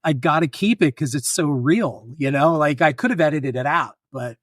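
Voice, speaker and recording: A man's voice: on the high side, normal speed, no echo, clean studio sound. A man telling funny personal stories as a podcast guest, acting out the other people in them. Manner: animated, acts out voices in anecdotes. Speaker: guest filmmaker and author. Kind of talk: casual storytelling.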